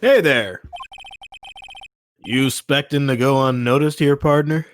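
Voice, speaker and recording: A man voicing a cocky cowboy-style detective who talks in a slow Wild West drawl. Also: medium pitch, a little hiss or hum, natural voice. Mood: swaggering. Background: game music.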